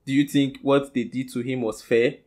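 A man's voice: medium pitch, flat delivery, normal speed, a little mellow. A man with a Nigerian accent who hosts a gossip news vlog, reading the stories casually and putting questions to his viewers. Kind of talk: reading celebrity news to camera.

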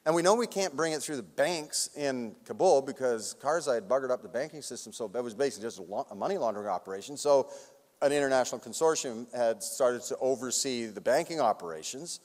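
A man telling a long, animated anecdote at a public talk, laughing often and acting out other people's lines. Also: mid-range voice, fast talker. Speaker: award recipient speaking on stage. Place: large auditorium. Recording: long hall reverb.

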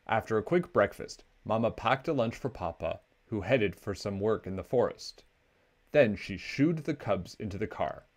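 Reading at a moderate pace, a man with a lowish voice delivers a children's picture book in an expressive, storyteller's manner.

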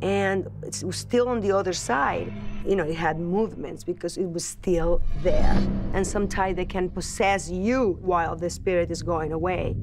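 A woman telling of a ghost encounter in a documentary interview, halting and repeating her words as she goes. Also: mid-range voice. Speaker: celebrity guest recounting a ghost story. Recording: music bed under the voice. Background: background music.

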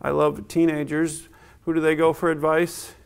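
A man's voice: fairly high pitch, completely flat delivery, moderate pace, creaky, smooth. A middle-aged man preaching a sermon as a pastor in a church, in a conversational way, laughing often and acting out what people say.

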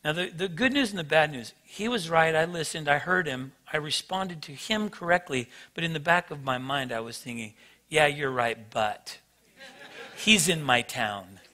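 Animated, bright-voiced male pastor. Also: a little high, brisk, few pauses. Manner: animated, self-mocking storyteller. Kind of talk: sermon storytelling.

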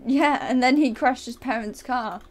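Casting: young woman co-streamer, fairly high-pitched, dry teasing wit, fake lectures. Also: normal speed. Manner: teasing, mock-serious scolding. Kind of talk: casual gaming chat.

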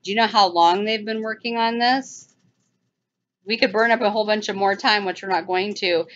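Woman ranting over clips, urgent and mocking, does high silly voices, muffled recording. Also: fairly bright tone. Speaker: channel host. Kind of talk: casual commentary over video clips. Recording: dull lo-fi sound.

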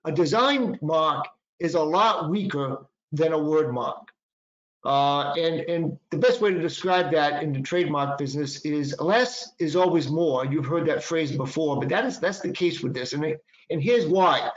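A middle-aged man with a Boston accent walks through a presentation as a patent attorney, chatty and full of fillers and restarts. His voice sits a little high. The recording is roomy and echoey, with a dull, lo-fi sound. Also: moderate pace. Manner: conversational, frequent fillers and self-corrections. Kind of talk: webinar presentation.

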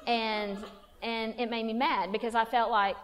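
A woman's voice: on the high side, flat delivery, normal speed. A woman telling a funny personal story to a women's church conference, in a folksy, self-mocking way. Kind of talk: humorous personal testimony talk. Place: church hall. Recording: long hall reverb.

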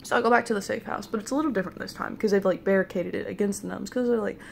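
A woman's voice: medium pitch, steady tone, very fast, vocal fry, darkish tone, slight background noise. Young woman rambling through a dream story. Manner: rambling, playful, quotes people in put-on voices; eating jelly beans while talking. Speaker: vlogger. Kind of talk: casual storytelling about a dream.

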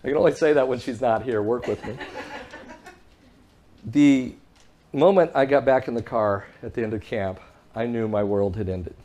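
A man speaking to an audience, telling a story with lots of energy. He acts out both sides of a phone call and laughs often. His pitch sits in the middle range. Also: moderate pace, long pauses, dark tone. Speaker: public speaker.

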